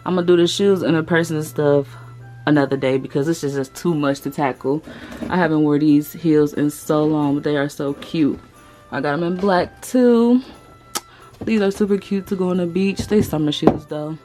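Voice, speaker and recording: A young woman, chatting in a casual storytime vlog from her car and a store, animated and playful as she acts out the people in her stories. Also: low-pitched, normal speed, faint music behind. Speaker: vlogger.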